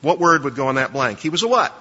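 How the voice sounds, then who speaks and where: Guy giving a lecture on preaching, bright husky voice, keeps asking the class to fill in blanks. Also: medium pitch, big pitch swings, fast talker. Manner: emphatic, quizzes listeners to fill blanks. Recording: dull lo-fi recording with long reverb.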